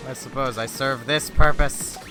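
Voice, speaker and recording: A man's voice: medium pitch, fairly even intonation, normal speed, over music. A man streaming a video game, rambling and joking at himself while he plays. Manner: rambling, jokey, self-deprecating. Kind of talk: casual gameplay commentary.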